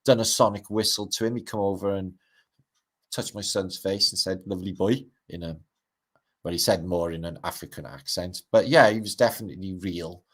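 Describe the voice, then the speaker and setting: A man's voice: deep voice, normal speed. A middle-aged Welsh man hosting a livestream, rambling casually over pictures with wry asides and casual swearing. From Wales. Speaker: livestream host.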